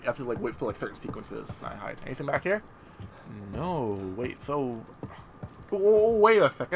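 A young man casually commentating a horror game, excitable and profane, rambling as he plays. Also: mid-range voice, slight background noise. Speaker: gameplay commentator. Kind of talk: casual let's-play commentary.

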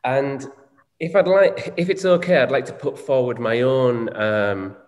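A Northern English man in his forties co-hosts a frank conversation, reflective in mood and swearing casually. He speaks unhurriedly at a medium pitch, with a faint hiss or hum, in an echoey room with long reverb.

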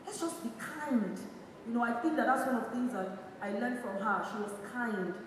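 A Nigerian woman in her thirties speaks at a memorial, her voice sitting fairly high for a woman. She talks in a halting, rambling way, full of fillers and restarts. The sound is a long, echoey hall reverb, picked up from well off the mic with faint room noise behind. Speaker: bereaved sister giving a tribute. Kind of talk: spoken tribute at a memorial event. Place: large echoey event hall. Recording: echoey hall recorded from far off.

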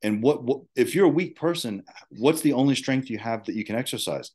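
A man discussing ideas as a guest, speaking haltingly with frequent restarts and fillers. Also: mid-range voice, lively intonation, darkish tone. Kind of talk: casual discussion.

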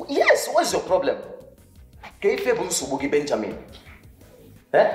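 An actor playing a blunt, scolding male friend in a film drama, speaking with a Nigerian accent and slipping into pidgin. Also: sits high. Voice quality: lively, exclaiming, mixes in pidgin. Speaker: Benjamin's friend. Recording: echoey room, faint music.

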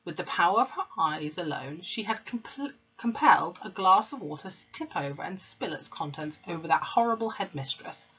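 A woman's voice: fairly low pitch, animated, moderate pace, a bit bright, husky. A woman, a teacher, reading a children's book aloud to her class in a casual way, with fillers and corrected slips. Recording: dull lo-fi recording.

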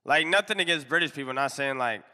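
A man's voice: fairly high pitch, expressive, quick pace, sharp tone, long reverb tail. A young American man hosting a live music review stream, giving blunt, slangy, laid-back feedback. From United States. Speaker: music review show host. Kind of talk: casual live-stream commentary.

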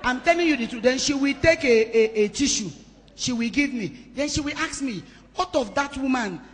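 A woman pastor, telling a personal story in a sermon with emphatic, changing loudness. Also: high-pitched, lively intonation, brisk, a little hiss or hum. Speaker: pastor hosting a women's conference. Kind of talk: sermon testimony. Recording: long hall reverb.

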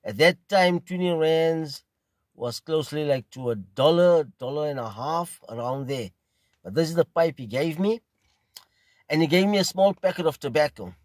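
A middle-aged South African man who hosts pipe smoking videos tells a casual story in an unhurried, rambling way, often repeating and circling back over his own phrases. His voice sits a little high for a man, with lively intonation. The recording is close and dry, with no room sound.

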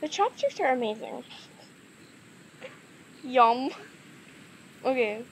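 A woman's voice: sits high, very animated, slow pace, slight background noise, poor audio. A woman chatting casually in a vlog, giggling often and easily amused. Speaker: gaming and eating vlogger.

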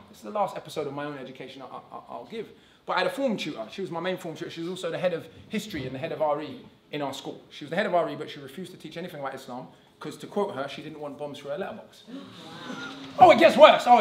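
A man giving an animated, conversational public talk at a conference, often checking in with the audience with "right?". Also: high-pitched. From England. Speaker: conference speaker. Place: conference hall. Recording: echoey hall.

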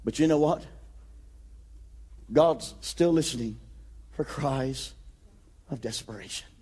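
A man preaching a sermon with rising passion, acting out Bible scenes and building to shouted declarations. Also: mid-range voice, slow pace, slightly rough. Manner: acts out Bible scenes in quoted voices.

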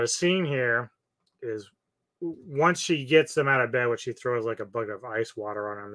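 A man's voice: medium pitch, fairly bright tone, dry recording. A man casually retelling a film's plot as a co-host, loose and chatty, acting out lines from the film. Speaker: movie reviewer, co-host.

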